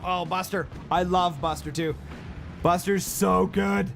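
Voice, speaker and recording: A man with a high-pitched voice talks through a game livestream, brash and joking as he coaches his viewers. Faint music sits under his voice. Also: fairly even intonation, measured pace, creaky. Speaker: game streamer.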